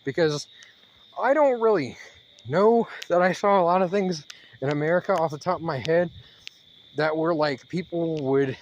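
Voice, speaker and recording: Man, higher-pitched, ranting to camera on a fast walk outside, a bit winded, rambling with lots of fillers, faint crickets behind. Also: highs cut off, a little hiss or hum. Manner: worked-up, rambling, halting with many fillers. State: slightly out of breath from fast walking. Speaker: channel host. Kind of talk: rambling monologue vlog. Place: outdoors, walking.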